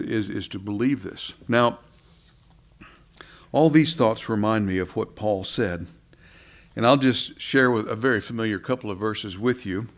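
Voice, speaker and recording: Earnest man preaching a sermon. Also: on the low side. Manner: earnest, preaching with swings between soft and emphatic; conversational, asks the congregation questions.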